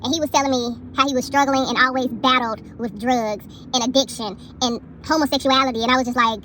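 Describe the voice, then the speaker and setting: A young woman vlogger telling a personal story in an animated, emphatic way, often turning to address her viewers. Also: high voice, fast talker, slight background noise. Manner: animated, emphatic retelling with lots of asides to viewers. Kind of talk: casual storytelling vlog.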